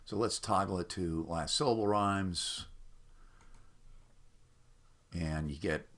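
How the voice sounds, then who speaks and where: A man walking through websites in an unscripted screen-recorded demo, explaining in a mildly skeptical tone and filling pauses with "uh". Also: deep voice, fairly bright tone. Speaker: website presenter for a rhyming site. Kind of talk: casual screen-recorded walkthrough.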